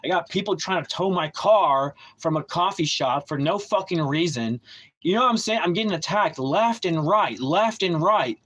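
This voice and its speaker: A man with a somewhat higher voice rants on his livestream, heated and bitter. He swears constantly and circles back over his points with stumbles and restarts. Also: lively intonation, normal speed, fairly bright tone, low-quality recording. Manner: heated, profane, rambling with many restarts; bitter and aggrieved. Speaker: livestream host. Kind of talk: ranting livestream monologue.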